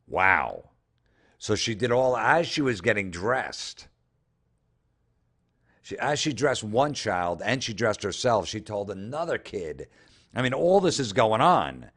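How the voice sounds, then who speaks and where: A little slow but very animated, the comedian host has a lowish, fairly bright voice. He reads social media posts aloud and riffs on them with profane, sarcastic incredulity.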